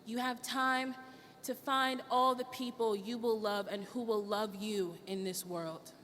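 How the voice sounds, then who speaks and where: A woman's voice: on the high side, fairly even intonation, unhurried, fairly bright tone. A young woman student giving a heartfelt graduation speech to her class. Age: young adult. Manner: earnest, heartfelt, emotional. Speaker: student speaker. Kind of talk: commencement speech. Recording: distant mic, long hall reverb, faint noise.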